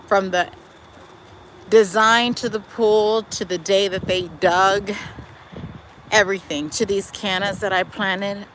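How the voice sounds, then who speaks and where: A woman's voice: lowish voice, slight background noise, poor audio. Chatty sassy woman livestreaming outdoors. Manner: chatty, sassy, addresses viewers as y'all and girl. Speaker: livestream host touring her garden. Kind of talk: casual livestream chat. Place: outdoors in a backyard garden. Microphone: phone held while walking.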